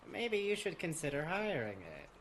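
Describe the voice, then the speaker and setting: A man voicing a calm, gentle bug enthusiast who talks soothingly and teases a little. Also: fairly high pitch, moderate pace, slight background noise. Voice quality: soft, soothing, gently teasing.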